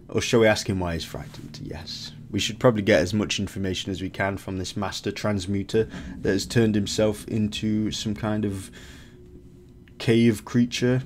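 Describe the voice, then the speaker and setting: A man's voice: on the low side, steady tone, a little slow, long pauses, faint music behind. Chatty man narrating a game playthrough. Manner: chatty, laughs at his own slips. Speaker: gaming video host.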